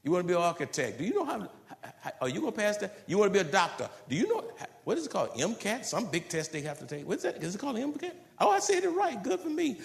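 A male pastor preaching a sermon in an animated way, repeating himself and jumping up in pitch, then dropping into soft, low asides. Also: quick pace, vocal fry. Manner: animated preaching with repetitions and sudden pitch jumps.

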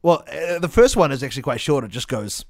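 A man co-hosting a comedy podcast, spinning an absurd story in a dry, deadpan way. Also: mid-range voice, fast talker.

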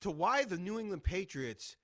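A man from Boston hosting a sports radio show, rambling through his points in quick asides and restarts. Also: sits high, very animated, a bit bright.

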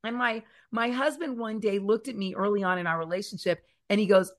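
A guest author, a woman in her fifties, talks about faith, fear and scripture in an earnest, animated way, stretching out key words as she tells her stories. Her voice sits at medium pitch and moves a little fast with hardly any pauses, fitting this faith-centered interview.

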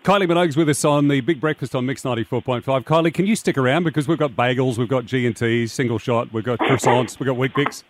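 Brisk man radio presenter. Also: medium pitch. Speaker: radio breakfast host.

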